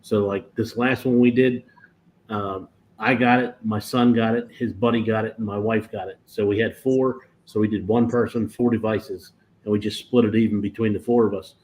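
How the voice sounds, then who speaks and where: A man's voice: on the low side, steady tone, moderate pace, a little mellow. A man chatting casually on a livestream, rambling and correcting himself as he explains cruise internet plans. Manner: rambling, self-correcting storyteller. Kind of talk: casual chat. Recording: dull lo-fi stream audio with faint noise.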